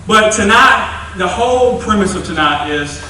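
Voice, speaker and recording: A young man preaching a youth revival sermon, animated and folksy, with playful asides. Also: sits high, unhurried, a little hiss or hum. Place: church sanctuary. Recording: distant echoey church recording.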